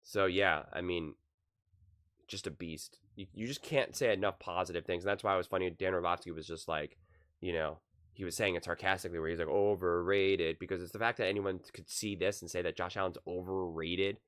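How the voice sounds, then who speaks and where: A man's voice: sits low, fairly even intonation, brisk, fairly bright tone. A man hosting his own sports channel, giving impassioned casual opinion commentary to camera, repeating words and restarting sentences.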